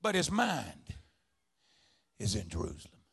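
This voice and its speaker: A man preaching a sermon, swinging between hushed, low storytelling and shouted, fervent declarations. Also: wildly swooping pitch, a little slow, gravelly, slightly rough.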